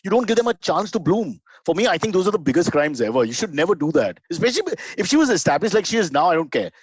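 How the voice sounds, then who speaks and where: Fast-talking Indian man, animated host. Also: high voice, husky, dry recording, poor audio. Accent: Indian English. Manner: animated, storytelling, quick to laugh. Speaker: podcast host, comedian. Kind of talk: casual podcast chat.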